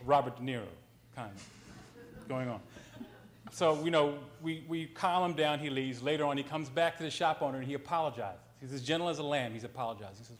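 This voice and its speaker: A man's voice: medium pitch, a little fast. A man on a panel, a writer, telling an anecdote in a conversational way, with frequent ums and self-corrections.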